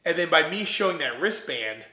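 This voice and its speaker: A young man from Ohio, an entrepreneur guest, telling his story in a casual, animated way and acting out what others said. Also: fairly high pitch, normal speed, reverberant. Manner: animated, quotes himself and others in lively voices.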